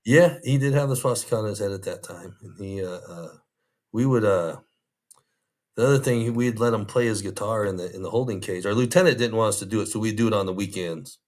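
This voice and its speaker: A man's voice: fairly low pitch, fairly quick, a little mellow. A man, a former prison guard, telling rambling, easygoing anecdotes in an interview, full of restarts and fillers.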